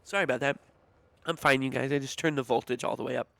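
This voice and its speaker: A man's voice: mid-range voice, fairly even intonation, fast, creaky, bright, forceful tone, no room sound. A young man streamer telling stories in a casual, profane, exasperated rant, mimicking the people he quotes. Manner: profane, exasperated ranting with mock-quoted voices. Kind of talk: casual livestream storytelling rant.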